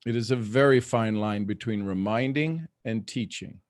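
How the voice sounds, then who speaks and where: A man's voice: fairly low pitch, normal speed, no room sound, clean studio sound. A middle-aged man hosting a live online coaching talk, speaking earnestly with many restarts as he explains his points. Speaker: host.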